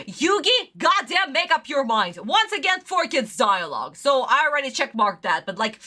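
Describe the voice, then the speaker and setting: A woman's voice: high-pitched, big pitch swings, normal speed, hardly any pauses, pushed and bright. A woman from Russia, ranting in exasperation and swearing while reacting to an anime on a livestream.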